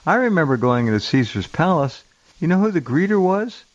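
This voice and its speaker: A man chatting on a talk radio show, agreeable and quick to jump in. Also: a little high, very animated, no echo, highs cut off.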